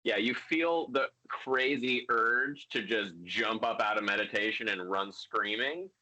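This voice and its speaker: A man's voice: lowish voice, unhurried, pushed and bright. A young man narrating as game master of a tabletop game, loose and full of fillers. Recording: dull lo-fi home recording.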